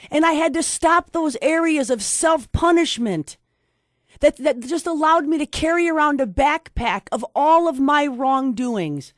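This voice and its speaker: A woman's voice: sits high, a little slow, no echo, studio quality. A middle-aged woman giving an emphatic, preacherly faith-based motivational talk, repeating key phrases. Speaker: host and speaker.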